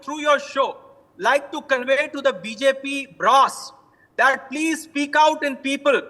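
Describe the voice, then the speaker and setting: A man's voice: extremely high pitch, bright, forceful tone, big-room sound, rough recording. A man, arguing emphatically as a panelist in a TV news debate, stacking rhetorical questions.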